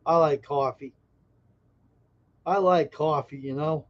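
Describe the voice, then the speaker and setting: A man's voice: a little high, steady tone, takes it slowly, lo-fi sound. A man hosting a casual live stream, joking brashly and teasing viewers in chat. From Massachusetts.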